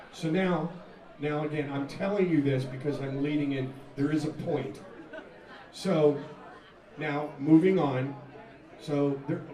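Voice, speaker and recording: A man, a rock singer, telling a profane, animated story between songs at a live music venue, laughing and acting out the scene. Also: on the high side. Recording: echoey live room, mic far off, loud crowd.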